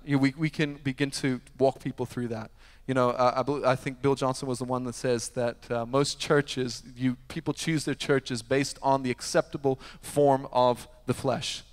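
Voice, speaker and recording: A male pastor preaching a sermon, telling a story with sudden shifts between loud, emphatic preaching and hushed asides. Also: mid-range voice. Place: church sanctuary. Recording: long church hall reverb.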